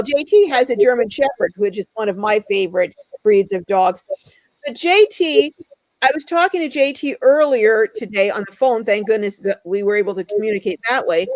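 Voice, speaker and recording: A woman's voice: sits high, dry recording, poor audio. A woman hosting a live stream, chatting and greeting viewers by name as she reads out their comments.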